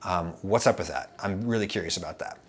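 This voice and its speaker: A man hosting a casual food chat, rambling and animated with lots of fillers and restarts. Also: low-pitched, brisk, breathy edge. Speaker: food YouTube host.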